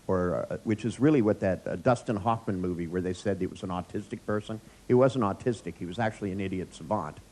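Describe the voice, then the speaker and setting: A man's voice: on the low side, dark tone, low-quality recording. A man giving a live workshop lecture to an audience, telling wry, joking anecdotes. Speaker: workshop trainer.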